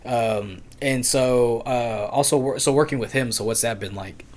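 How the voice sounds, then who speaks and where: A man's voice: mid-range voice, normal speed. A man co-hosting a podcast, chatting loosely and swearing freely as he tells fight stories. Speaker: podcast co-host. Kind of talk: casual interview chat.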